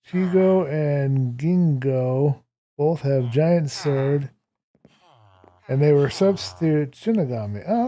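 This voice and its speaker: A man gives relaxed gameplay commentary in an unhurried, drawn-out way, his voice dark and mellow yet pitched a little high. He talks to the characters on screen and to his viewers and chuckles often. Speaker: streamer.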